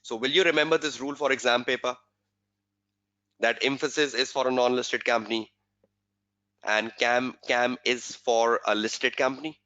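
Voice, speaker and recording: A man's voice: medium pitch, fairly even intonation, moderate pace, long pauses, bright, forceful tone. A male exam tutor giving a webinar lecture, repeating key points and quizzing students with rhetorical questions. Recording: dull lo-fi webinar audio.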